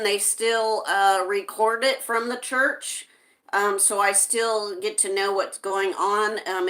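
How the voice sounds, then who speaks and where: A woman with a medium-pitched voice hosts a casual livestream, reading viewers' comments aloud and answering them gently, hesitating often.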